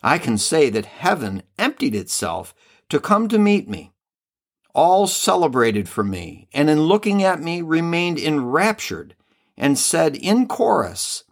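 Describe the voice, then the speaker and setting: A man reading the part of a loving heavenly mother and queen, slow, solemn and tender, in a devotional reading. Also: a little high, vocal fry, pitched above the performer's own voice, heavily acted.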